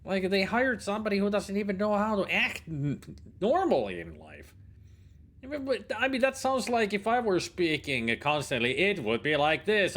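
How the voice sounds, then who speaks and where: A man's voice: high voice, normal speed. A man giving casual gameplay commentary as a streamer, rambling and riffing, with some swearing. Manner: rambling, animated, swears and riffs. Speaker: gaming streamer.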